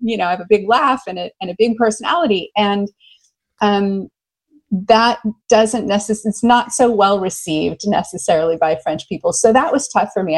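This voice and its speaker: A woman's voice: mid-range voice, low-quality recording. An American woman, a love coach, talking enthusiastically in a casual interview. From United States. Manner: enthusiastic, animated storyteller.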